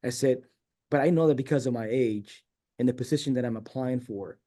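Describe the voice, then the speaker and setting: A middle-aged man from San Diego chats as an interview guest. His voice is mellow and warm, and he winds through a personal story, acting out the people he quotes. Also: medium pitch, a little fast. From San Diego, California. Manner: rambling, animated storyteller who acts out quoted dialogue.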